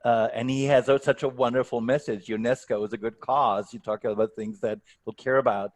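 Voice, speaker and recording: A man's voice: mid-range voice, fairly even intonation, fairly quick. A man speaking as a guest coach on a video call, answering questions thoughtfully and often repeating words as he starts a sentence. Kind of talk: online workshop Q&A.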